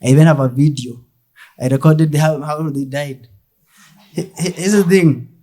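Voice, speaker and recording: A young Kenyan man with a Kenyan accent performing a deadpan stand-up comedy set, mixing English and Swahili. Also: on the high side, normal speed.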